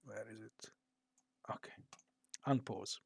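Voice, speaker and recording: A man who develops games, thinking aloud slowly as he plays his strategy game on a live stream. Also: fairly low pitch, vocal fry, slightly rough, no echo. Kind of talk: live gameplay commentary. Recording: loud game battle sounds behind.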